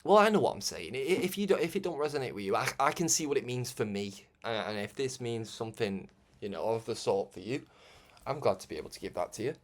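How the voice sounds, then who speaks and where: Brief: man, everyday middle pitch, rambling spiritual broadcaster, chatty, laughs and restarts a lot. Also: lively intonation, fast talker. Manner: rambling, conversational, laughs often, restarts and stammers. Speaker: religious broadcaster. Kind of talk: informal spiritual talk.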